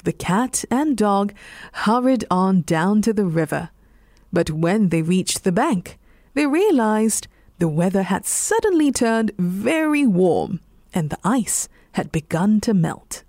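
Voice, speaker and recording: A woman with a Singaporean English accent, reading a bedtime story in a slow, soothing voice. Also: mid-range voice, no room sound, studio quality. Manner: slow, soothing, lively intonation.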